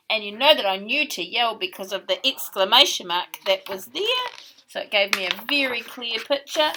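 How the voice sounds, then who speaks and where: A woman teacher reading a picture book to young children in an expressive storytelling manner. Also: a little high, moderate pace, noisy background.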